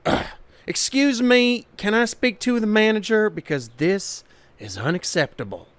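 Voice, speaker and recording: Whiny fussy diva played by a man, high and sniffy. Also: animated, unhurried, fairly bright tone, no room sound. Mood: disgusted. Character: fussy demanding diva woman.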